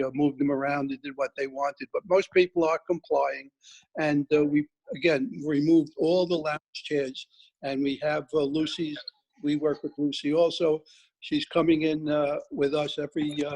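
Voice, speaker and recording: A man speaking up as a director in an online board meeting, hesitant with many pauses over a video call. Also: fairly high pitch, little pitch movement, a little mellow, rough recording.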